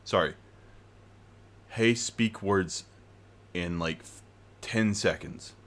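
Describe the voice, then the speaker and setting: A man's voice: low voice, slow pace, fairly bright tone. A man streaming from home, trading wry, teasing banter with a friend. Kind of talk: casual banter.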